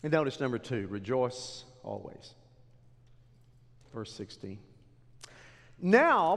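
A middle-aged male pastor preaching a sermon in a church, dropping low and then rising to emphatic exhortation. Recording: long hall reverb.

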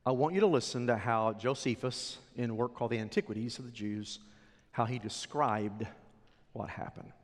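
A man preaching a sermon as a pastor, telling the story with animated drama. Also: mid-range voice, moderate pace. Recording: long hall reverb.

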